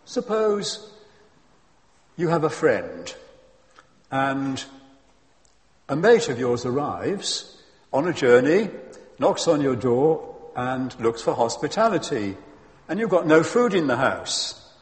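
A man delivers a sermon at an unhurried pace, pressing key points with emphasis and dropping in friendly asides. His voice sits in a middling register. The sound carries a long reverb from a church hall. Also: medium pitch. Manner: lively and emphatic, with chuckles and asides. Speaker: preacher.

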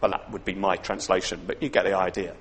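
A middle-aged man preaching a sermon, telling the story in a lively way and voicing the people he quotes. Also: low-pitched, fast, a little hiss or hum. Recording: long reverb of a large hall.

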